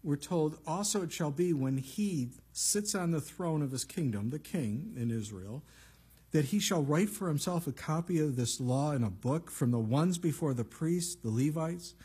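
Male pastor, very husky voice, conversational sermon with asides. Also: on the high side, animated, normal speed, dark tone. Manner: conversational preaching with frequent asides.

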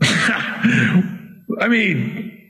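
A male pastor delivering a sermon with a fairly high voice. He talks slowly and deliberately, dropping low and soft before surging up. His style is theatrical and emphatic. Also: big pitch swings. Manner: emphatic, theatrical, swings between soft and loud.

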